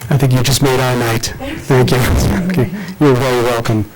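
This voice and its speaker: A man's voice: medium pitch, flat delivery, moderate pace, background noise. A man chairing a school board meeting, running procedure in a casual, joking manner.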